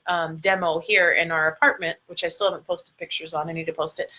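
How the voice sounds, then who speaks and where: A woman's voice: medium pitch, pushed and bright, poor audio. A middle-aged woman coaching her viewers in a motivational talk, stretching out key words for emphasis and recording herself for a live video. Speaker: life coach. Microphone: phone or camera mic, recording a live video.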